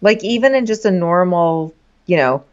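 A woman's voice: on the low side, animated, normal speed. Female podcast co-host, wry dry humor, slightly dull lo-fi sound. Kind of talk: comedic recap chat.

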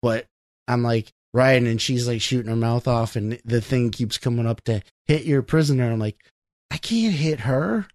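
A man's voice: mid-range voice, fairly even intonation, moderate pace, darkish tone, no echo, studio quality. A man in casual chat, animatedly telling stories about a video game and acting out his own reactions, swearing freely. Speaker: gamer.

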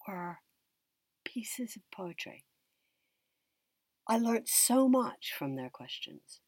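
A woman from the United States, an actress and teacher, telling a personal story in an interview in a reflective, unhurried way that often trails off and restarts. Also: deep voice, a little mellow, husky, dry recording.

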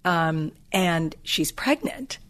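A woman hosting a podcast, chatting casually and telling animated, gushing stories. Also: fairly low pitch, extremely slow. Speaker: podcast host. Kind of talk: casual chat with ad read.

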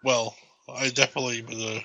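A man's voice: medium pitch, little pitch movement, a little fast, sharp tone, muffled recording, slight background noise. A middle-aged man co-hosting a podcast, joking crudely and swearing in casual chat. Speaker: podcast co-host.

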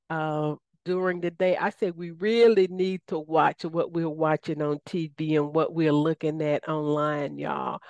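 A woman's voice: sits low, a little mellow, dry recording, dull audio. A woman with a Southern US accent hosting a radio talk show, enthusiastic and folksy, often calling out to her listeners.

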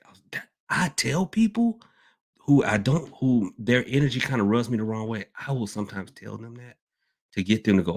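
A man's voice: mid-range voice, animated, brisk. Man, podcast host, casual talk, rambling, repeats phrases, says y'all. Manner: rambling, repeats himself, addresses listeners as y'all. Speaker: podcast host and hoodoo worker.

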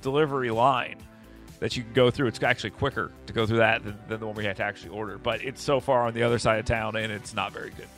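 A man's voice: fairly low pitch, fairly even intonation, quick pace, a bit bright, soft background music. A man chatting casually as a co-host, rambling and correcting himself as he tells stories. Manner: rambling, self-correcting storyteller. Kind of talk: casual chat.

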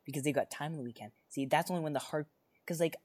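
Here is an excitable podcast co-host in a loose, casual chat. The speaker rambles, restarting sentences and stacking up fillers along the way. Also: mid-range voice, fast, husky.

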